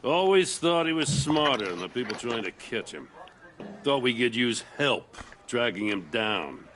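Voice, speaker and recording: An actor playing a weary, gruff middle-aged police commissioner in a video game, dry and matter-of-fact. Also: male voice, medium pitch, very animated, measured pace, fairly bright tone, slight background noise. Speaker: game character.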